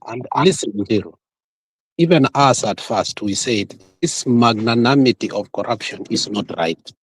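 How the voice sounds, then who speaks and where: A man's voice: medium pitch, measured pace, slight background noise. A man with a Kenyan accent arguing insistently in a heated livestream debate, talking over others and switching between English and Swahili. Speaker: panelist.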